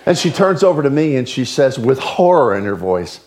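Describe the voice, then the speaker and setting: In his sermon, a male pastor's mid-range voice moves at a moderate pace. He tells stories in an animated way, shifting between loud and hushed.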